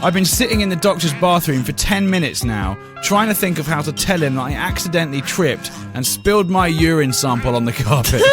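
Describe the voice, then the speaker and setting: A man hosting a comedy radio talk show, telling stories with lots of laughs and acting out voices. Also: fairly high pitch. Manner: animated storytelling, quick laughs, acts out other voices. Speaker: radio host.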